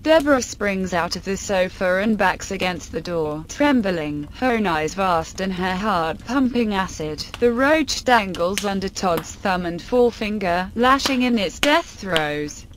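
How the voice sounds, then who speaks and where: A woman reading a short story aloud as a scripted narration, in an unhurried, steady way. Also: mid-range voice, a little hiss or hum.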